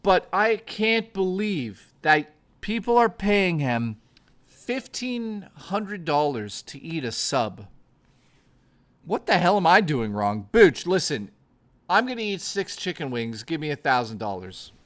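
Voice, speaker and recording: A man's voice: a little high, very animated, slow pace, a bit bright. Foul-mouthed streamer man riffing with chat. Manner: profane, joking, reading chat aloud. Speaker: streamer host. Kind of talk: casual livestream chat.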